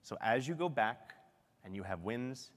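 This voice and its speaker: A middle-aged man giving a lively, self-deprecating keynote talk at a conference. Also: medium pitch, measured pace, long reverb tail. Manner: animated, self-deprecating storytelling. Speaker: keynote speaker. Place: large conference hall.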